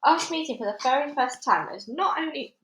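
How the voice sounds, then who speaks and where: A woman's voice: high-pitched, animated, fairly quick, a bit bright, echoey room, slight background noise, pitched above the performer's own voice. A woman doing a pompous blustering army major. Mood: boastful.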